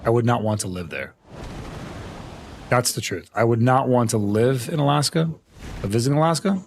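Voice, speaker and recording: A man's voice: medium pitch, expressive, normal speed, a little hiss or hum. A young man streaming a game live, chatting casually and answering viewer questions. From Arizona.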